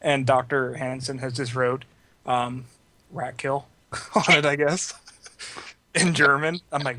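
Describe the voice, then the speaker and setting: A man's voice: mid-range voice, fairly even intonation, takes it slowly, pauses often, pushed and bright, a little hiss or hum. Man, tabletop player, casual, swears a lot, switches into character quotes. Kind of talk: casual improvised role-play.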